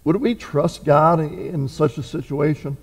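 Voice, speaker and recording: A man's voice: a little high, unhurried, a little mellow. A man preaching a conversational sermon, full of fillers, restarts and rhetorical questions. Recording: reverberant hall.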